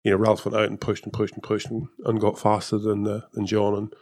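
A man's voice: on the low side, completely flat delivery, fairly quick, darkish tone. A man, a former motor racing engineer, talking casually in an interview, rambling with many fillers and restarts. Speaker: former F1 technical director and race engineer.

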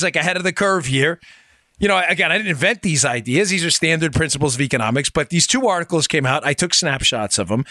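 A man's voice: sharp tone, no echo, studio quality. A man hosting a political commentary podcast, speaking emphatically and sarcastically straight to his listeners. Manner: emphatic, talks directly to listeners as folks; sarcastic asides, rising pitch when worked up. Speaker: podcast host.

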